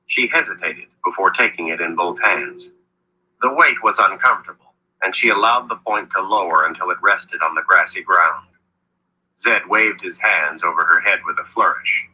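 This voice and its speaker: A man narrating a fantasy audiobook in a measured, storytelling read. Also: low voice, sharp tone, slightly rough, low-quality recording.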